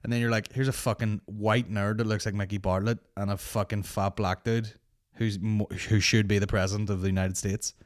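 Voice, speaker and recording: A man hosting a comedy podcast, ranting in a sweary, animated, mocking way. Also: lowish voice, a little fast. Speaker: podcast host.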